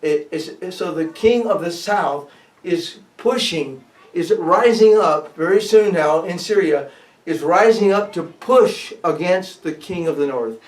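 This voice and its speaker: American male pastor, bilingual sermon, halting in his second language; echoey room, mic kept at a distance. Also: high voice. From United States. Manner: switches between English and French, halting restarts in French.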